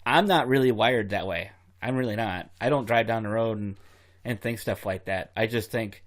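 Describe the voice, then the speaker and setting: A man's voice: on the low side, moderate pace. A man co-hosting a podcast in casual chat, easygoing and chuckling as he asks questions. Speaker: podcast co-host.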